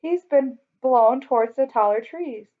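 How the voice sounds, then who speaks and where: A woman reading the part of a caring mother who takes charge in a storybook, speaking briskly and urgently. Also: high voice. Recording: dull lo-fi recording.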